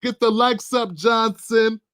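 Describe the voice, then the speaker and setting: A man's voice: very high-pitched, fairly even intonation, slow pace, fairly bright tone. A man hosting a casual political commentary livestream, talking straight to his viewers in a playful, riffing way.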